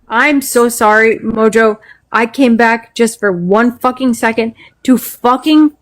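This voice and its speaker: A woman's voice: on the high side, unhurried. An angry woman in a heated live-stream argument, swearing constantly as she vents. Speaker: panel speaker.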